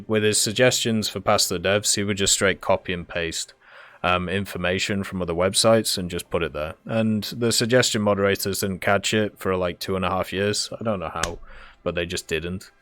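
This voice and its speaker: A man's voice: low voice, steady tone, moderate pace, fairly bright tone, smooth, no echo. A man answering viewer questions in a casual, rambling monologue with many fillers and restarts.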